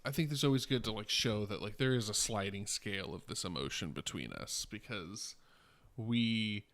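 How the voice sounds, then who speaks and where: A man's voice: on the low side, lively intonation, normal speed, fairly bright tone. A man in his twenties co-hosting a podcast, telling rambling, profane stories full of fillers. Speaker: podcast co-host. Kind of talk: casual podcast chat.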